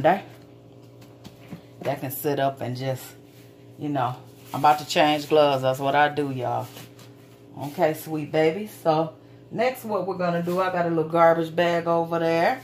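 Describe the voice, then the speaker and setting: A woman's voice: deep voice, fairly even intonation, a little slow, pauses often, darkish tone, slight background noise. Woman, home cooking vlogger, chatty, folksy, casual cursing, home kitchen. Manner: chatty, folksy, calls viewers sweet babies, swears casually.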